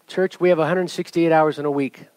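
A middle-aged male pastor preaching a sermon with an object lesson, jokey and animated, building to emphatic calls to the congregation. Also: on the high side, brisk, clean tone, no echo.

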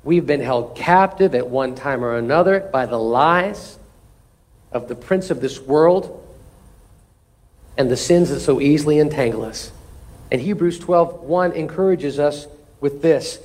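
A pastor delivering a sermon, reading scripture aloud with rising force and breaking off for folksy, humorous asides. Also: male voice, fairly high pitch, measured pace, a little mellow.

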